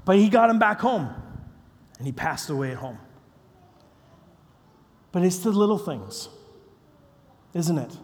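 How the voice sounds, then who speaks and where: A male pastor telling a story in a sermon, animated, acting out the voices of the people in it. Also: fairly high pitch, a little slow, pauses often. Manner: animated, acts out quoted voices. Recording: long hall reverb.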